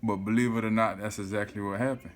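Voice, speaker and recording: Animated man telling a story. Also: on the low side, fast. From South Florida. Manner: animated, swears often, keeps saying "you feel me". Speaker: vlogger. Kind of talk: casual storytelling to camera.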